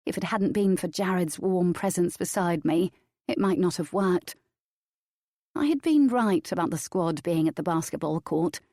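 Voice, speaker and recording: Mellow-voiced woman narrating an audiobook. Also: fairly low pitch, normal speed, no echo, studio quality. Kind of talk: scripted first-person narration.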